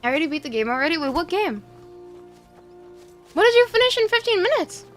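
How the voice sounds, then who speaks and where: A woman's voice: extremely high pitch, sing-song, fairly quick, fairly bright tone, faint music behind. A young woman streaming a game and chatting with her viewers, greeting them over and over, her speech a little muffled by a cough drop in her mouth. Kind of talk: casual live-stream chat while gaming.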